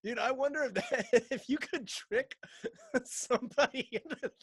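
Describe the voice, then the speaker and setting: A man's voice: very high-pitched, animated, normal speed, breathy edge, no room sound. A man co-hosting a podcast, riffing crudely and laughing through casual comedic chat.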